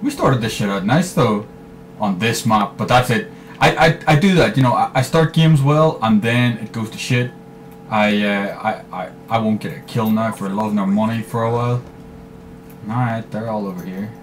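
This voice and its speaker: A man giving live commentary over his own shooter gameplay, swearing freely and trash-talking in bursts of excitement. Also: lowish voice, normal speed, slight background noise. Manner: profane, excitable trash talk. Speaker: gaming commentator.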